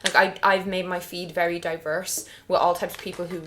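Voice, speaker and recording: A woman's voice: fairly low pitch, flat delivery, fairly quick, a bit bright, slight background noise. A young woman with an Irish accent chatting frankly and laughing easily while she does her makeup indoors. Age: young adult. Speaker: guest vlogger. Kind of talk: casual chat while doing makeup. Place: indoors, getting ready.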